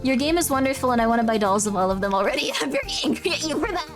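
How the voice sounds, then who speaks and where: A woman's voice: high voice, sing-song, very fast, faint music behind. A young woman streaming a game, bubbly and rambling, giggling and chatting with viewers. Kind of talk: casual let's-play chat.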